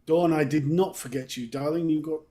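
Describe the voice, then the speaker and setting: A man's voice: fairly high pitch, steady tone, fairly quick, warm tone. A man co-hosting a live stream, greeting chat viewers one by one with affectionate nicknames and frequent laughter. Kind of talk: casual chat. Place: home studio for a live stream.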